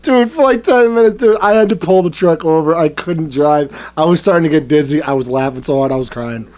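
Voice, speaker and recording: A man's voice: on the high side, brisk. A man co-hosting a podcast, telling a crude story in casual chat, acting out his friends' lines and laughing often. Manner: animated, laughs often, acts out friends' voices. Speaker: podcast co-host.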